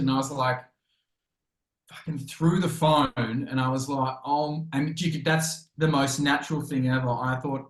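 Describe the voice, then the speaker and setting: An Australian actor telling stories casually, rambling with many fillers and acting out quoted lines. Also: male voice, medium pitch, steady tone, normal speed. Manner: chatty, rambling, full of fillers and acted-out quotes. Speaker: actor and interview guest. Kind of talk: casual storytelling interview. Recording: echoey room.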